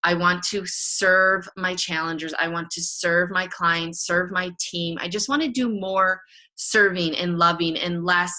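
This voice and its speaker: A woman's voice: on the low side, pushed and bright. A woman fitness coach speaking earnestly to her team on a video call, casual with many "like"s. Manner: earnest and casual, says "like" often.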